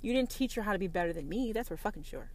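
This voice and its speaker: A woman's voice: medium pitch, expressive, very fast, darkish tone, a little hiss or hum. A woman who calls herself a prophetess delivers a confrontational, profane religious rant and hammers her points with repeated denials. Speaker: self-described prophetess. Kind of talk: impassioned religious rant to camera.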